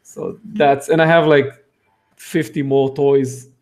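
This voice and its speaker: A man's voice: medium pitch, level tone, slow. A man whose first language is not English, joining a live chat as a guest and talking in a friendly, hesitant way with many fillers.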